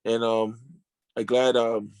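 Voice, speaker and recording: A man in his fifties, a retired sumo wrestler, telling his story in an interview with emotional, halting restarts and casual slang. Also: medium pitch, level tone, darkish tone, clear, resonant tone, no echo. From Samoan family.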